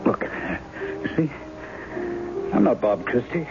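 A man's voice: medium pitch, animated, takes it slowly. An actor playing a charming male impostor in a 1970s radio drama, wry and teasing, often laughing. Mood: pleading. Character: charming male impostor, a blocked novelist posing as a husband. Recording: dull old radio broadcast with music.

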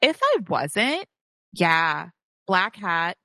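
A woman's voice: fairly low pitch, wildly swooping pitch, drawn-out words, sharp tone, dry recording, studio quality. A woman guest on a podcast, chatting in a playful, talkative way with lots of "like"s. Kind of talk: casual chat.

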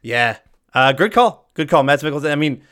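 A man's voice: fairly high pitch, expressive, fairly bright tone. A man co-hosting a podcast, talking eagerly about movie casting and swearing freely. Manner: enthusiastic, swears freely, quick asides. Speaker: podcast co-host. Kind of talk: casual movie-recasting chat.

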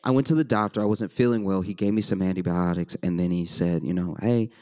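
A man from Louisiana telling a comic story on stage to a live audience, animated and wry, talking straight to the crowd. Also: deep voice, fast talker.

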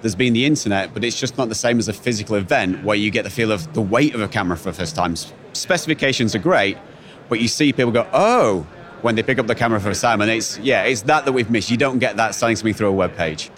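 A man's voice: lowish voice, fairly bright tone. A man representing a brand, talking eagerly about products at a trade show. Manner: eager, rapid. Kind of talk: casual interview. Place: exhibition hall.

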